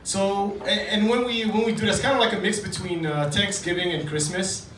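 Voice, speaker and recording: A man's voice: high-pitched, steady tone, brisk, far from the mic, a little hiss or hum. A man from Djibouti doing a casual, profane stand-up routine in a comedy club. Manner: casual, profane, self-deprecating storytelling to a live audience. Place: comedy club stage with audience laughter. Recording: echoey club recorded from afar, loud ambience.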